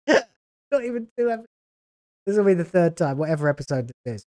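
A woman's voice: lowish voice, very animated, fairly quick, darkish tone. A woman hosting a video reaction, talking in a sarcastic, scathing way with exasperated groans. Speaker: YouTube reaction host.

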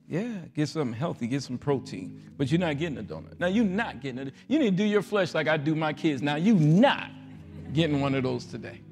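A man preaching a folksy, joking sermon as pastor, acting out voices and rising into loud prayer. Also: a little high. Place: large church sanctuary.

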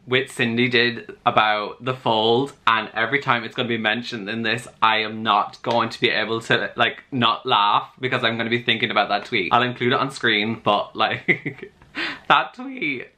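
Bright, gushing young man reacting. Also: mid-range voice, moderate pace. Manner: gushing, excitable, squeals and gasps. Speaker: YouTuber reacting to a TV series. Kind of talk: casual excited reaction commentary.

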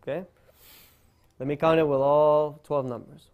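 A man's voice: a little high, normal speed, long pauses. A man giving a guitar lesson, explaining step by step and counting beats aloud over his own guitar playing. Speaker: guitar teacher.

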